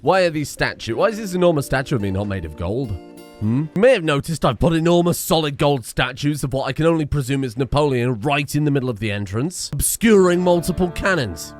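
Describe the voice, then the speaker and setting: A man's voice: on the high side, lively intonation, a little fast, soft background music. A man streaming a game and chatting casually in a rambling, self-mocking way, often swearing. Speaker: gaming streamer.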